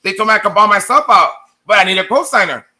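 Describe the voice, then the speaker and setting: Sharp and animated, this man's high-sitting voice moves fast. He's rambling through a long personal story for his viewers, swearing casually and acting out the exchanges others had with him.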